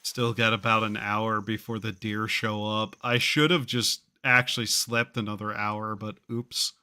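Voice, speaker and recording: A man's voice: lowish voice, fairly even intonation, a little slow, sharp tone, clean tone. A man streaming a game, chatting casually in a rambling, wry and self-mocking way, with offhand swearing. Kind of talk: casual live-stream chatter while gaming.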